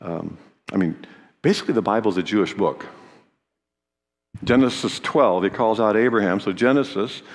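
A man's voice: fairly low pitch, moderate pace, pauses often, in a large hall. A man preaching a sermon in an earnest teaching manner, his voice rising in volume on key phrases.

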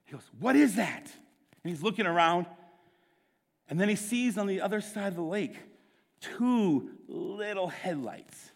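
A man preaching a sermon, telling a story with quick bursts and dramatic hushes. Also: sits high, long reverb tail. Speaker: pastor.

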